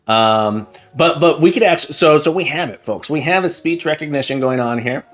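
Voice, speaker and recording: Male coding-stream host, fairly high and very animated, excitable and jokey, restarts sentences, faint music underneath. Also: fairly quick. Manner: excitable, chatty, repeats words and restarts often; laughs often and jokes with chat. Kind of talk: casual live-stream chat while coding.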